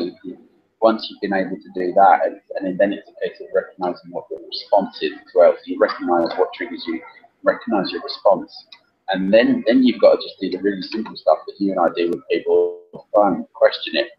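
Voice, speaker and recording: A man's voice: low-pitched, steady tone, quick pace. Blunt, jokey man on lo-fi audio. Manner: blunt, jokey, laughs often. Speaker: co-host, coach. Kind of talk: casual webcast chat.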